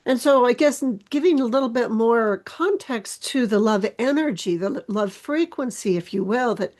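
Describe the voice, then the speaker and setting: A woman hosting a podcast interview, speaking in a thoughtful, measured way. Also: fairly high pitch, expressive, a little mellow. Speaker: podcast host.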